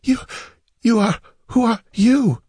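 A man's voice: very high-pitched, takes it slowly, a little mellow, breathy edge, no echo, voice pushed up, exaggerated voice. A man voicing a dying young village girl who speaks in frightened gasps. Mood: gasping, terrified. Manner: gasping, breathless pleading.

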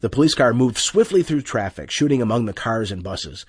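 A man narrating an audiobook with expressive, tense storytelling. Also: medium pitch, fairly quick, breathy edge, no echo, clean studio sound.

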